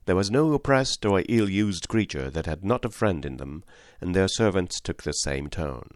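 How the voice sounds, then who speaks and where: A man narrating an audiobook in a calm, measured storytelling manner. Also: deep voice, dry recording, clean studio sound. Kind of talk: scripted narration.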